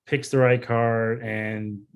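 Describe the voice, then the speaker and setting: Male co-host for a casual podcast, easygoing recap delivery, average pitch. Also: slow pace, gravelly, muffled recording. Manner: relaxed recapping, with fillers like "uh" and "um". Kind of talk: casual chat.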